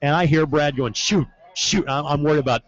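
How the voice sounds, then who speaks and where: A man's voice: fairly high pitch, fast. A man from Indiana, a soccer broadcaster, chatting casually on a podcast and acting out quotes as he tells stories. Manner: relaxed storyteller, acts out quotes. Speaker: soccer play-by-play broadcaster, guest. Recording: dull lo-fi podcast audio.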